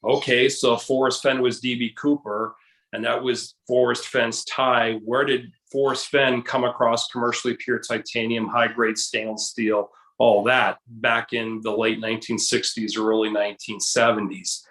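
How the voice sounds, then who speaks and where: A man's voice: medium pitch, little pitch movement, normal speed, fairly bright tone, roomy sound, low-quality recording. A man guest in a casual video chat, explaining at length with many restarts and hesitations. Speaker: guest, case researcher.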